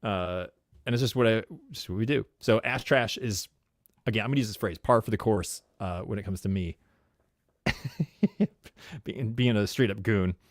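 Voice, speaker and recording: A man with a New York accent co-hosting a casual live-streamed podcast, excitable and rambling, laughing often. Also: lowish voice, moderate pace, pauses often, dry recording, studio quality. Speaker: podcast co-host.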